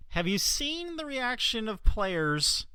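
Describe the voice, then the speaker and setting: A co-host on a sports podcast talks slowly and with amusement, laughing often. The voice is smooth and bright, and its pitch moves around a lot. The sound is dry and close. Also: big pitch swings, dry recording. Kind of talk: casual sports chat.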